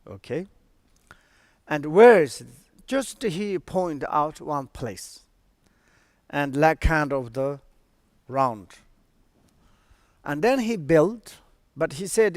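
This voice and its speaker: A man telling a story as a Buddhist teacher, in halting with many fillers. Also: fairly high pitch, very animated, dry recording, studio quality. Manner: halting non-native English with fillers. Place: online stream.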